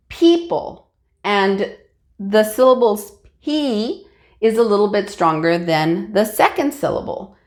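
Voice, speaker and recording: A woman's voice: medium pitch, darkish tone. A woman teacher giving a recorded lesson to young students, explaining patiently with fillers and frequent check-ins.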